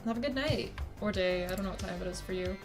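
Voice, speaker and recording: A woman's voice: mid-range voice, fast, over music. A woman streamer chatting casually while drawing, rambling and self-deprecating, swearing freely. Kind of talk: casual live-stream chat.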